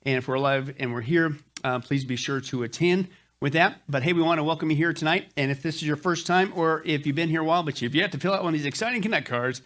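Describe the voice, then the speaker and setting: A man's voice: on the high side, fast talker, fairly bright tone. A middle-aged male pastor giving jokey, folksy church announcements to his congregation, with lots of "uh" fillers. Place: church sanctuary.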